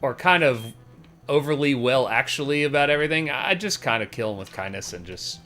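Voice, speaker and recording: Bright-voiced man chatting on a game stream. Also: mid-range voice, a little fast. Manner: relaxed, rambling with many fillers. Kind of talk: casual game-stream chat. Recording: faint game music behind.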